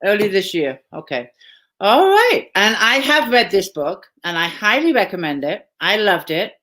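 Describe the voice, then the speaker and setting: A woman hosting a casual live video chat, chatty and quick with follow-up questions, heard over a video call. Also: mid-range voice, big pitch swings, a bit bright. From England. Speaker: host.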